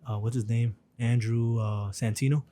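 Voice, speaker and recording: A man's voice: medium pitch, steady tone, normal speed, dark tone. A man co-hosting a podcast in casual, laid-back chat, swearing freely and using lots of fillers. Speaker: podcast co-host.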